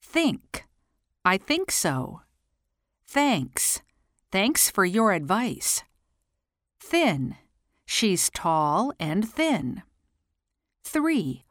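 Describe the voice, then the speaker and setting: A woman teaching pronunciation, reading single words and then short example sentences with careful, deliberate enunciation. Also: medium pitch, sing-song, a bit bright, dry recording, studio quality. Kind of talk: slow pronunciation drill, word then sentence.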